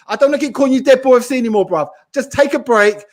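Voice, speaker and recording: A man's voice: very high voice, rapid-fire. A man, a football fan panelist talking in slangy, heated chat. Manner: slangy, animated, talks over others.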